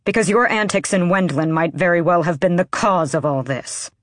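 Woman putting on a blunt young guy, accusing, talks thru his teeth, deep-ish and dry. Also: normal speed, no room sound, lightly acted. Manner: curt, clipped, speaks through his teeth.

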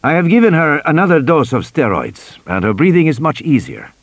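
A man voicing a formal, careful male doctor in an audiobook, speaking in a measured way. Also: on the high side, sing-song, no room sound, pitched above the performer's own voice.

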